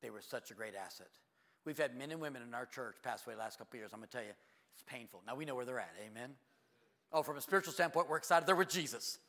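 Animated preacher in a reverberant hall. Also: male voice, fast. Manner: animated storytelling preacher, jumps to loud high exclamations. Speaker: pastor. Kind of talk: sermon.

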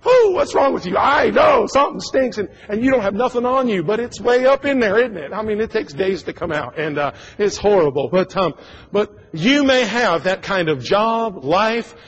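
A man's voice: high voice, normal speed, dull audio. A man in his forties preaching a sermon in a church, folksy and joking, with frequent stammered repeats. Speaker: pastor. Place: church sanctuary.

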